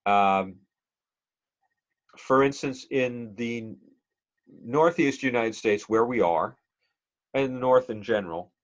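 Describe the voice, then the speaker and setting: A man's voice: mid-range voice, slow pace, pauses often. Male instructor lecturing a class, lo-fi. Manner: conversational, digressive, quizzes the class with questions.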